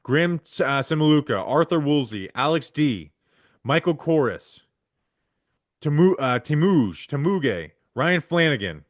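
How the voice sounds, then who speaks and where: A man hosting a podcast, reading supporter names aloud in quick succession and stumbling over the hard ones. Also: on the high side, very animated, dry recording, studio quality. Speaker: podcast host.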